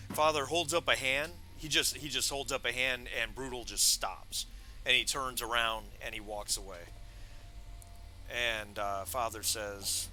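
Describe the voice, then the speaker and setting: A man narrating a tabletop game as game master, halting with many fillers. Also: medium pitch, pushed and bright, reverberant, a little hiss or hum.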